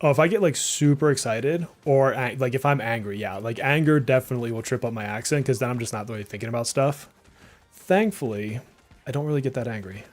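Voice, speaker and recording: Faint music plays behind a fairly quick, medium-pitched man streaming his gameplay. He's from Massachusetts, has a speech impediment, and lets a mild accent slip on some words while he rambles casually, reacts aloud, and says "like" a lot.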